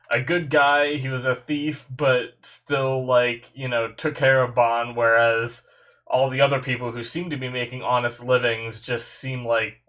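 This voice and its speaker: A young man with a congested, stuffy nose talks casually at a medium pitch. He rambles through his reactions, restarting sentences and filling gaps with "like" and "you know". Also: pushed and bright. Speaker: anime reaction host.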